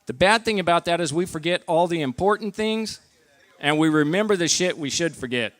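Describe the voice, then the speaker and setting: A middle-aged man performing a stand-up comedy set at a barbecue lounge, telling stories in a deadpan way and acting out his own lines. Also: a little high, fairly quick, no room sound.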